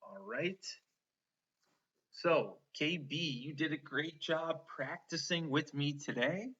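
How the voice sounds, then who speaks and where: A male teacher talks slowly and patiently, breaking words into sounds and praising his student. His voice is bright. The recording is dull and lo-fi. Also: a little high. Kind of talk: one-on-one spelling lesson.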